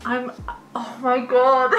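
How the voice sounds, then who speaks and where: Giggly thirty-something woman, high bright voice, slow unhurried talk, echoey room. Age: 30s. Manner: giggly and gushing, breaks into laughter. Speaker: music reaction YouTuber. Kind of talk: excited casual reaction chat.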